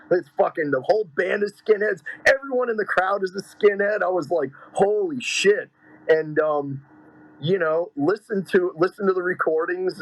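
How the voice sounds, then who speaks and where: A man recalls old music with eager, rambling energy, his voice sitting a little high. The sound is close and dry. He swears freely and stacks up fillers as he talks. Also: no room sound, low-quality recording. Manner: excitable storyteller, heavy swearing and fillers. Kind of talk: casual podcast chat.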